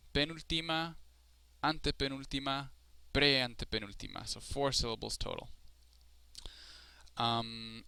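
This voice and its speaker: Bright, crisp-voiced man teaching a lesson. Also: mid-range voice, no echo. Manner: explanatory, slow and deliberate with frequent fillers. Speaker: Spanish teacher. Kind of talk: screencast lesson.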